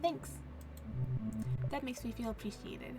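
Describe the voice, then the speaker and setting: A woman's voice: fairly high pitch, a little slow, lightly acted. A woman voicing a cheerful, simple-minded male ghost dog who talks eagerly and innocently, with game music behind.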